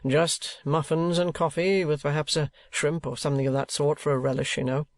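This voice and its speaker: A man voicing a pompous, penny-pinching older male rate collector, slow and fussy in his talk. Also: on the high side, flat delivery, no echo, clean studio sound, close to an everyday voice. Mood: anxious.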